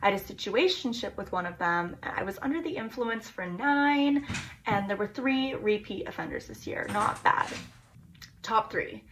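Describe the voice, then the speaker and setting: A woman's voice: medium pitch, lively intonation, normal speed, a bit bright, a little hiss or hum. A woman recapping her dating life in a casual vlog, chatty and flippant, poking fun at herself. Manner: chatty, flippant, self-mocking.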